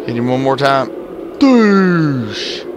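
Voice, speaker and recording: A young man giving excitable let's-play commentary, yelling and groaning at the game. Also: mid-range voice, takes it slowly. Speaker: gaming YouTuber. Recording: game music and crowd noise behind.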